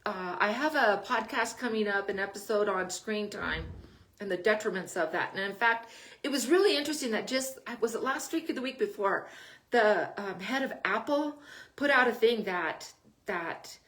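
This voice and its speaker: A woman's voice: medium pitch, a bit bright. Chatty older woman giving parenting advice. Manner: chatty, laughs often between points. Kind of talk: casual advice talk.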